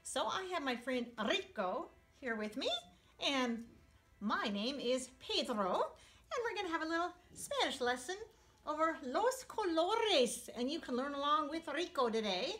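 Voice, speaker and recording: A woman teaching first graders in a playful video lesson. Her voice is extremely high and swoops widely as she coaxes and corrects, dropping in Spanish phrases. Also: unhurried, soft background music. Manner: animated, encouraging, peppered with Spanish phrases.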